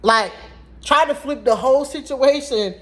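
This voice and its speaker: A woman telling viewers a personal story in a casual vlog, talking in an animated, blunt way and addressing them directly. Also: high-pitched, measured pace.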